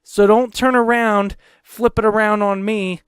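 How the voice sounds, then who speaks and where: A man's voice: high-pitched, steady tone, a little slow, fairly bright tone, smooth, dry recording, studio quality. A man hosting a podcast, ranting heatedly in a casual, profane way and repeating himself. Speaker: podcast host.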